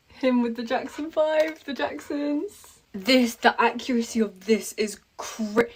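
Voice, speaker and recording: A woman content creator gushing excitedly while reacting to a movie trailer. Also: on the high side, a little hiss or hum.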